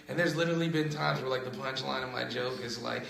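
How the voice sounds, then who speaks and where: A comedian and radio host tells crude stories in casual podcast chat, laughing often. He talks fast with vocal fry in a mid-range, slightly bright voice, captured in a reverberant, low-quality recording.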